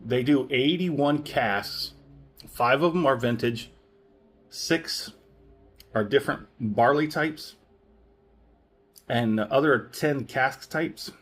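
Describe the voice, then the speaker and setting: A man's voice: mid-range voice, slow, long pauses, a bit bright. A man reviewing a whisky in a casual, rambling way, often correcting himself and chuckling. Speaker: spirits reviewer.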